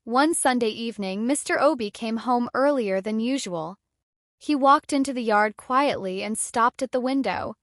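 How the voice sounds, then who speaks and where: A woman narrating a dramatic folktale in a steady storytelling manner. Her voice sits fairly high. The sound is close and dry, with no room echo. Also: moderate pace.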